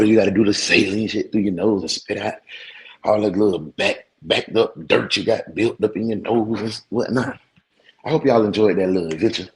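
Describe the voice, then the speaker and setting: A man in his forties, a show host, casually telling stories to his viewers in an animated, slangy way. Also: on the low side, gravelly, slightly rough, rough recording. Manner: animated, slangy, talks straight to his audience.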